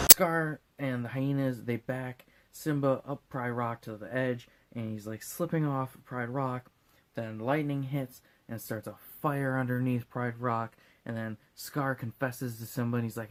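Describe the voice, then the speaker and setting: A man's voice: medium pitch, fairly even intonation, normal speed. Drunk man rambling through a movie recap. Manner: rambling, profane, jokey. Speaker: host.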